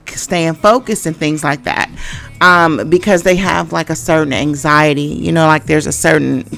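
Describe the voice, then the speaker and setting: A woman's voice: low-pitched, vocal fry, fairly bright tone. A middle-aged woman giving a casual tarot reading, rambling and hesitant, with many fillers and restarts. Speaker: tarot reader.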